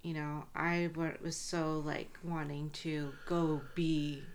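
A woman interviewer chatting casually and giving soft backchannels. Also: sits low, flat delivery, slow pace, a little hiss or hum. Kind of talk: casual chat.

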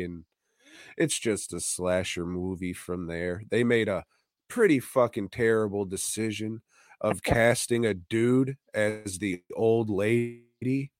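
A man co-hosting a podcast, telling a movie's story in a wry, profane, unhurried way. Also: fairly low pitch, steady tone, dry recording, clean studio sound. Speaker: podcast co-host. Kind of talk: casual movie review chat.

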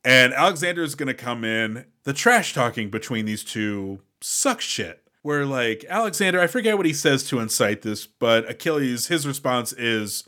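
A man's voice: medium pitch, lively intonation, normal speed, few pauses, sharp tone. Sarcastic podcast co-host man. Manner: dry, sarcastic mockery. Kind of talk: casual movie-review chat.

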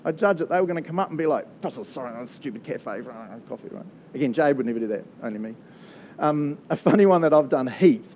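There's a little hiss or hum as a pastor with a New Zealand accent delivers a sermon that feels like a casual conversation. His voice is warm and medium in pitch, and he keeps joking and chatting, frequently laughing at his own asides.

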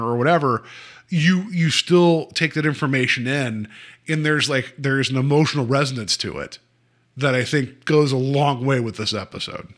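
A man's voice: medium pitch, a bit bright. A man co-hosting a podcast, chatting casually about a TV episode, rambling with lots of fillers and acting out the characters' lines. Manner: rambling, many fillers, acts out quotes. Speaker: podcast co-host. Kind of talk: casual chat reviewing an episode.

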